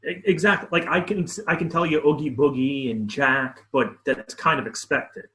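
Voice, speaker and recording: A man's voice: a little high, normal speed, bright, forceful tone. Upbeat man in an echoey room. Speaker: co-host. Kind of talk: casual gaming chat.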